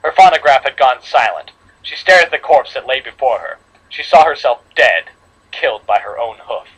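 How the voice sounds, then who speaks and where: A man's voice: medium pitch, animated, normal speed, fairly bright tone, breathy edge, poor audio. A man reading a horror fan story aloud to friends, dramatic, with slips and re-reads. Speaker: story reader.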